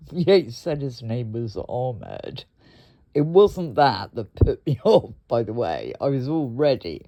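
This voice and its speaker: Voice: mid-range voice, gravelly, dark tone, no echo. A vlogger, rambling and ranting to camera, swearing often and laughing between complaints.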